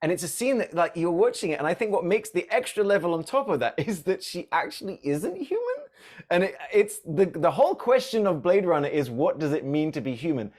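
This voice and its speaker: A man's voice: high-pitched, very animated, brisk, darkish tone. A man co-hosting a casual film podcast, earnest and emotional, turning questions to the others. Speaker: podcast co-host. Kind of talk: casual movie discussion.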